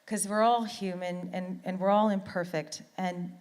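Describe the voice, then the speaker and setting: A woman's voice: fairly low pitch, level tone, a little slow, darkish tone, long reverb tail. Earnest woman giving a heartfelt talk. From Canada. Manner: earnest and heartfelt, repeats words for emphasis. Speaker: conference speaker. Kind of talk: motivational talk.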